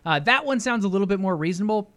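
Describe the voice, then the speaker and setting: A man's voice: high voice, lively intonation, very fast, a bit bright. A man co-hosting a casual gaming news stream, chatty and laughing easily with filler words. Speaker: podcast co-host.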